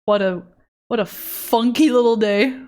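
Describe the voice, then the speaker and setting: A woman's voice: on the high side, measured pace, a little mellow. A young woman art streamer chatting casually on a live stream, giggly and gushing with emotion.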